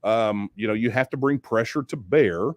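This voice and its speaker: A man's voice: on the low side, normal speed, no room sound, clean studio sound. A man hosting a livestream, answering viewer questions in a conversational way, often repeating himself and speeding up when he makes a point. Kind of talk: livestream Q&A talk.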